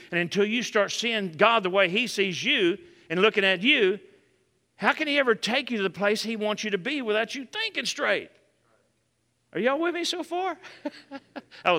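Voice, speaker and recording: A man preaching a sermon in an animated way, calling out to the congregation as he goes. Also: sits high. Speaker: pastor. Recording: long hall reverb.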